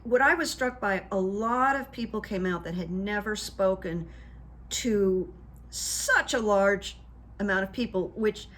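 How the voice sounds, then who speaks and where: A woman's voice: medium pitch, a little slow. A middle-aged woman recapping events in a casual, chatty way, acting out what others said as she goes. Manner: animated storyteller, acts out what others said. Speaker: political commentary vlogger and hypnotherapist.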